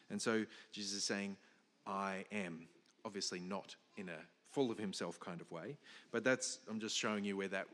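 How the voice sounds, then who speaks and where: A man's voice: on the low side, a bit bright, long reverb tail. A man preaching a sermon, explaining a passage with emphatic stresses, some restarts and fillers. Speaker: pastor.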